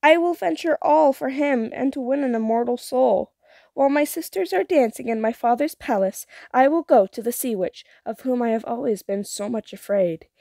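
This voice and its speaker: A woman voicing a young, lovesick mermaid princess in a storybook, high and trembling. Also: lively intonation, moderate pace, vocal fry, mellow, dry recording. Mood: yearning.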